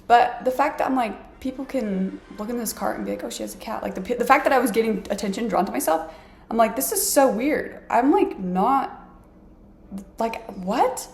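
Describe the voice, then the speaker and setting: A woman chats to camera from her apartment, her voice gravelly with vocal fry. She rambles through a story in a self-mocking way, filling it with "like". The room around her is echoey. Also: on the high side. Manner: chatty, self-mocking, heavy use of "like". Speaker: vlogger.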